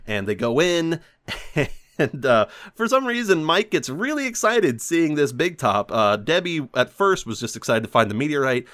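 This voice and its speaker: A man hosting a casual, rambling movie recap, animated and often jumping into silly voices. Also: fairly high pitch, normal speed. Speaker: podcast host.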